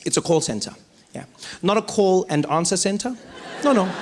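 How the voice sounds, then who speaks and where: A South African man doing stand-up comedy on stage, animated and acting out voices, swinging from loud to low. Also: normal speed, a little hiss or hum. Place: large arena on stage.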